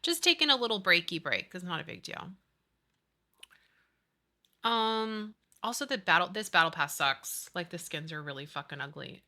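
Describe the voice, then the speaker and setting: A woman's voice: lowish voice, lively intonation, normal speed, sharp tone. A woman streaming, chatting casually with her chat and ranting with lots of swearing. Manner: chatty, profane, ranting, reads chat aloud. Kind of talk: casual live-stream chat while building.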